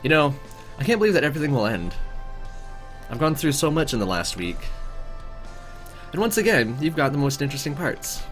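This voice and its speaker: A man voicing a shy bookish young woman at a summer camp, with raised pitch and a trembling, emotional delivery. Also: big pitch swings, brisk, pauses often, a bit bright, faint music behind. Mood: hopeful.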